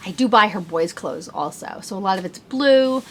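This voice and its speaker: A woman's voice: mid-range voice, expressive, normal speed. A woman in her thirties hosting a podcast, talking in a bubbly, chatty way and saying "like" a lot. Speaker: podcast host. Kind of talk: casual chat.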